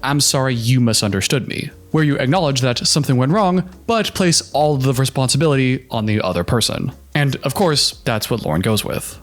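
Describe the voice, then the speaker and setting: A man commenting on reality-show clips in a sarcastic, incredulous, analytical way. His pitch leaps around a lot as he talks, at a middling pitch for a man. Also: animated, brisk, hardly any pauses. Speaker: YouTube commentator.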